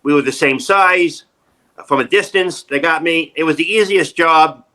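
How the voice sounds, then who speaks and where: A middle-aged man with a New York accent, telling jokey stories in a casual interview, animated and wisecracking. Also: on the high side, moderate pace. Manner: animated, wisecracking, jumps into quoted voices. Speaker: actor and comedian, interview guest. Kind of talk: casual interview, joking storytelling.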